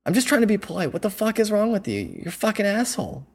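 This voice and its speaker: Guy doing a shrill angry stripper lady, high and yelling, swearing a lot. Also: lively intonation, measured pace, husky. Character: hostile angry woman stripper, shrill and foul-mouthed.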